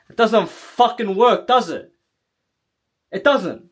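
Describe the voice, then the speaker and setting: A man with a noticeably high-pitched voice gives a forceful self-improvement talk to camera. He speaks bluntly and emphatically, swears freely, and keeps checking in with a quick "right?". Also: animated.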